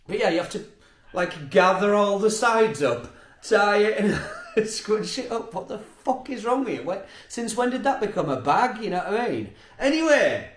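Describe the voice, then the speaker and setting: A man's voice: high voice, echoey room. A man telling everyday stories in a rambling casual monologue, swearing, laughing often and asking "you know what I mean". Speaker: podcast host.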